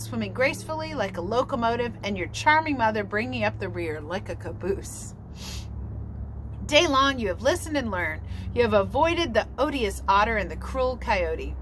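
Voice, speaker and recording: A woman voicing a grown male father swan who lectures his children in a solemn, measured way, reading from a storybook. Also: fairly high pitch, a bit bright, slight background noise, poor audio.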